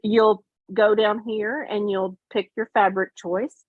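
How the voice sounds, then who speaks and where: A woman's voice: medium pitch, flat delivery, takes it slowly, dry recording. Chatty woman on a thin, phone-like line. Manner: chatty, explains step by step with many fillers. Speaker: host. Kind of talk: casual livestream chat. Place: home sewing room on a video call.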